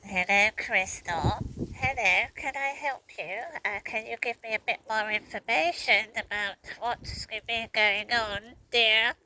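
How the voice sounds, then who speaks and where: A woman mimicking a prim phone caller who talks in a soft, nasal voice, as if her nose is blocked. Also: on the high side, unhurried, slight background noise, poor audio. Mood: mock-polite.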